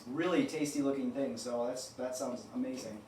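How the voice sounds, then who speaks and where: A man hosting a live cooking stream, telling a long joke and chatting in an animated, upbeat way. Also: mid-range voice, normal speed, a little hiss or hum. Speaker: cooking show host. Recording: roomy kitchen sound from a distance.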